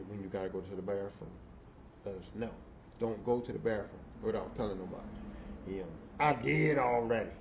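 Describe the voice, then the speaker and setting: A man hosting a podcast, telling a profane work story in casual style and acting out the quotes. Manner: animated, profane, acts out quotes with big pitch jumps. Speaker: podcast host. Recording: slightly dull audio with faint noise.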